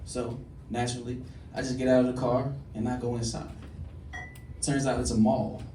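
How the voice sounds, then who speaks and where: A male stand-up comedian telling a story on a club stage, animated, jumping to loud high bursts on the punchlines. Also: moderate pace. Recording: echoey club, distant mic, audience noise.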